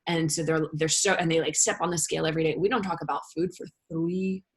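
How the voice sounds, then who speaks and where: A woman talking as an interview guest, rambling and animated, with many fillers and restarts. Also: low voice, quick pace, breathy edge. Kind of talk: casual interview chat.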